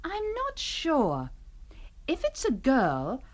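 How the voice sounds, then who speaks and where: An actress playing a kind, chatty young Australian wife in a scripted radio drama for English learners, speaking slowly and clearly. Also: female voice, high-pitched, huge pitch swings, heavily acted.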